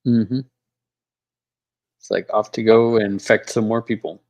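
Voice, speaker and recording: A man's voice: lowish voice, flat delivery, unhurried, darkish tone. A man, a guest on a casual film commentary, talking hesitantly with many fillers.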